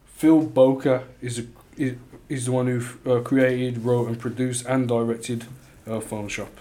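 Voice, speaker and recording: A man co-hosting a podcast, chatting casually with quick interjections and playful asides. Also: mid-range voice, little pitch movement, warm tone, echoey room.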